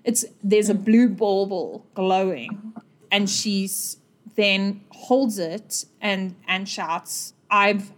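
A woman narrates a tabletop role-playing session as game master. She tells the scene in a lively way and laughs often with her players. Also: mid-range voice, extremely slow.

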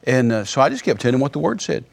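Male guest, testimony storyteller, fast and gravelly delivery, animated. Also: mid-range voice, a little hiss or hum. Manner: animated, repeats words, chuckles while telling.

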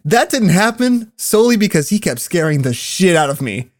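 A man with a high voice tells a story among friends in a loose, casual way. He is animated and curses freely, slipping into other people's words as he talks. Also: normal speed. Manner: animated, swears often, acts out quotes.

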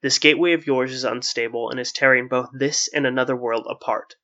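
A man voicing a jovial, jester-like male watcher who turns commanding and sharp, in a slightly muffled lo-fi recording. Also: medium pitch, fairly even intonation, a little fast, close to an everyday voice. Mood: angry.

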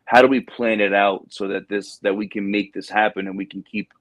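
A man with a low-pitched voice tells a story in a casual chat, acting out each person he quotes. He drops "bro" into his lines often. The sound is close and dry, with no room around it. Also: a little fast, no room sound. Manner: animated storyteller, acts out quotes, says "bro". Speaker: podcast host, Marine recruiting staff sergeant.

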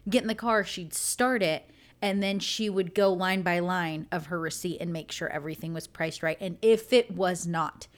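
Animated young woman telling a story. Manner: animated storyteller, jumps high for quoted lines. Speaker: podcast co-host. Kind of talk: casual chat. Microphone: headphones and studio microphone.

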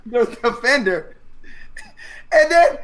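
Male sports-show co-host, unhurried delivery, animated storyteller who laughs a lot. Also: extremely high pitch. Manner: animated storytelling, acts out players' reactions; laughs often. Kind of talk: casual sports chat.

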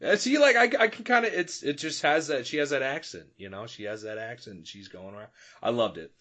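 A man's voice: mid-range voice, lively intonation, fairly quick, bright, forceful tone. A man co-hosting a podcast, chatting casually and animatedly about a film, laughing often. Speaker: podcast co-host. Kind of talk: casual movie review chat.

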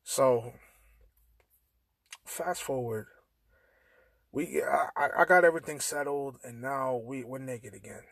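A young man hosting a podcast, telling a profane, animated story in casual chat and acting out the dialogue. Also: mid-range voice, slow, gravelly, pauses often, no echo. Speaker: podcast host. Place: in a car.

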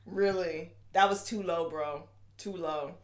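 A woman's voice: fairly low pitch, steady tone, slow. A woman co-hosting a casual podcast chat, reacting expressively and swearing freely.

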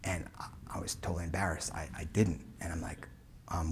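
Husky, emphatic male keynote speaker. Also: low-pitched, brisk. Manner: energetic, emphatic, swings between loud punches and hushed asides. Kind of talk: motivational keynote storytelling.

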